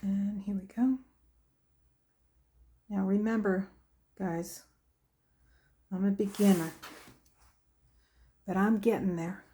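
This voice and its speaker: Steady and warm, her mid-range voice carries a relaxed painting demonstration. The art tutorial host speaks slowly and chattily, often talking to herself as she works.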